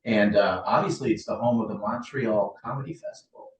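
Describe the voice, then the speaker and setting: Man, podcast co-host, casual relaxed chat, deeper voice, echoey room. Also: a little fast. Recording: roomy, distant from the mic.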